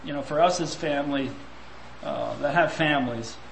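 A man's voice: fairly high pitch, normal speed, creaky, a bit bright, reverberant, a little hiss or hum, low-quality recording. A man preaching a sermon, reflective and full of rhetorical questions.

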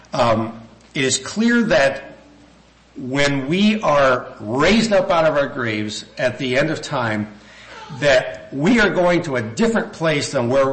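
A man's voice: medium pitch, a bit bright, a little hiss or hum, poor audio. A man preaching a sermon, reading scripture passages aloud and thinking aloud with restarts and asides.

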